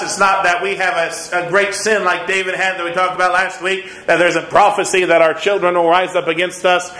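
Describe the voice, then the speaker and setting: Man, 30s, Sunday school teacher; bright voice, slightly high, echoey church room. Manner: earnest, repeats points, chuckles at himself. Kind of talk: conversational Bible lesson.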